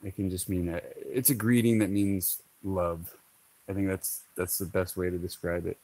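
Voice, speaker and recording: A vlogger from Hawaii chats casually with his viewers, laughing often and rambling with lots of fillers. His voice sits low and is dark in tone, steady, and moderately paced, talking to camera.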